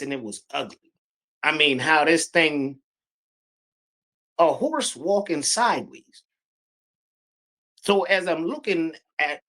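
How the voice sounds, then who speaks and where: A middle-aged man from Pennsylvania telling a true encounter story in a halting, breathless, vivid way. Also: fairly high pitch, sharp tone. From Pennsylvania, USA. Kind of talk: animated personal storytelling.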